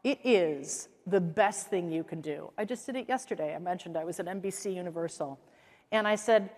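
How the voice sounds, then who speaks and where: A woman's voice: on the low side, a little fast. Storytelling woman speaker in a reverberant hall. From American Midwest. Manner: lively storytelling, acts out quoted voices. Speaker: keynote speaker. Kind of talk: keynote talk on stage. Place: conference hall stage. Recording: large hall with long reverb.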